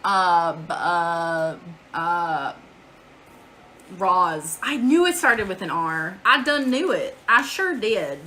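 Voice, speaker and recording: Woman streamer, chatty and loose, swears offhand, bright, forceful voice. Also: fairly low pitch, sing-song, slow pace, slight background noise. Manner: chatty, swears casually, answers chat aloud. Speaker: live streamer. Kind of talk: casual live-stream chat. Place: at home.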